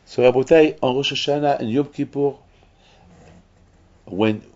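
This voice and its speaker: A man's voice: mid-range voice, a little slow, a little mellow. A man delivering an emphatic sermon as a rabbi. He repeats himself and often restarts. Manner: emphatic, repetitive preaching with restarts. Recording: dull lo-fi recording.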